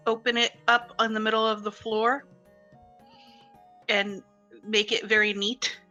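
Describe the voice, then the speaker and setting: A woman playing in a tabletop game, speaking in a calm, deliberate way. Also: medium pitch. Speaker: player. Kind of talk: casual tabletop play. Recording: dull lo-fi mic.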